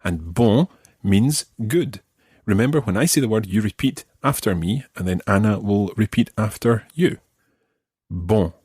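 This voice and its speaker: A Scottish man teaching a podcast language lesson, patiently modelling each word slowly and carefully. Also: fairly low pitch, lively intonation, a little mellow, husky, no echo, studio quality. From Scotland.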